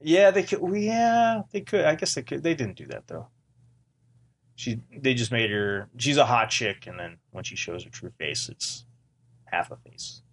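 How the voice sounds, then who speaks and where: A man's voice: medium pitch, big pitch swings, unhurried. A man co-hosting a podcast in casual chat, joking and laughing often. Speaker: podcast co-host.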